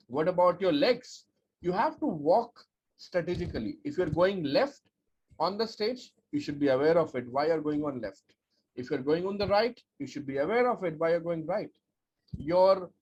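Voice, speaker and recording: Speech coach guy on a webinar, kinda high voice, punchy and repetitive, dull lo-fi audio. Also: slightly rough. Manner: energetic, emphatic, rhetorical repetition. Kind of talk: webinar presentation. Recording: dull lo-fi audio with faint noise.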